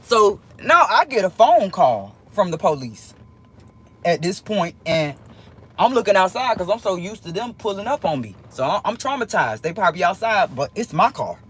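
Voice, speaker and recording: A woman's voice: mid-range voice, very animated, moderate pace, breathy edge. A woman talking straight to her viewers, telling a heated story with plenty of swearing and repeating lines for emphasis. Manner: swears freely. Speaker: vlogger.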